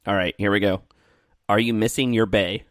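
A man's voice: on the low side, steady tone, normal speed, dry recording, clean studio sound. A man co-hosting a podcast, chatting casually and reading quiz questions aloud in an offhand way. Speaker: podcast co-host.

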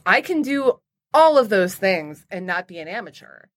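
A woman's voice: mid-range voice, big pitch swings, normal speed, no room sound, clean studio sound. A woman co-hosting a podcast, easygoing and wry in casual chat. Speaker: podcast co-host.

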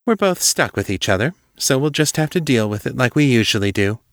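A man voicing a droll, coolly hostile noblewoman who sounds amused with a sharp edge underneath, in a narrated story. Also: mid-range voice, lively intonation, a little fast, no room sound, clean studio sound, voice pushed up, close to an everyday voice. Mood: cutting.

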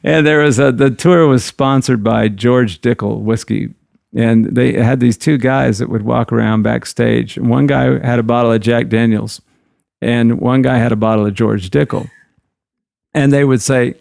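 A man's voice: mid-range voice, fairly even intonation, moderate pace, vocal fry, a little mellow, no room sound, clean studio sound. A man, a guitarist, telling rambling stories from the road in a loose, conversational way. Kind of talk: anecdotal storytelling.

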